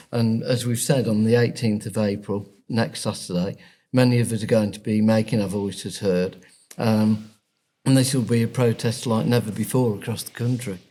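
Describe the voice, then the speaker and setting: A man, a local campaigner, speaking in a conversational podcast interview, hesitant and full of pauses and fillers. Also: fairly low pitch, dark tone.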